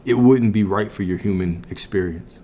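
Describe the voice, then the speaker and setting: A spiritual coach with a lowish, warm voice streams a casual, reflective teaching to viewers at a moderate pace, sounding a little out of breath. He repeats phrases and poses questions to his listeners, with slight background noise.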